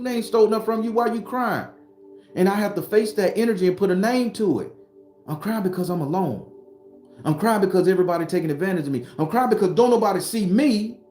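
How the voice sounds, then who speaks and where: A man's voice: mid-range voice, darkish tone, echoey room. A man giving a blunt, profane motivational talk as a spiritual vlogger and tarot reader. He preaches in repeated phrases. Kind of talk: casual motivational monologue. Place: sitting behind his home studio.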